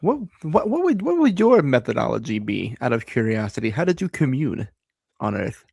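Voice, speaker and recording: A man playing a pious saint adventurer in a tabletop game, talking in a calm, dry, sarcastic way. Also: mid-range voice, moderate pace, vocal fry, husky, no room sound, exaggerated voice. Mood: wry. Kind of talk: in-character tabletop role-play.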